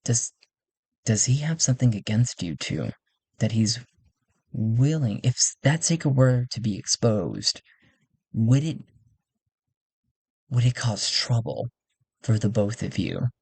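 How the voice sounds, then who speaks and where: A man as a calm confident negotiator. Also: mid-range voice, slow pace, gravelly, pauses often, slightly rough, dry recording, exaggerated voice. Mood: persuasive. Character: calm male negotiator with a bionic eye.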